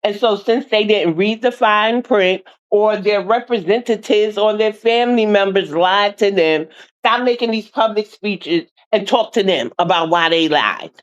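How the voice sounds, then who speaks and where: A woman's voice: mid-range voice, unhurried. Woman streamer host, blunt and fed up, talking to her viewers, dull lo-fi audio. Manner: blunt, exasperated, addresses viewers as y'all. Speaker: online show host. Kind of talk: casual livestream commentary.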